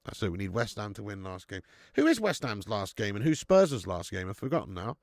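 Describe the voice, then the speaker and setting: A man's voice: fairly low pitch, big pitch swings, a little fast, vocal fry, no echo, clean studio sound. Matey man with a Dorset accent. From Dorset, England. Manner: chatty and matey, calls viewers "lad" and "mate"; swears freely and laughs often. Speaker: football watch-along host. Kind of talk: casual live commentary and chat reading.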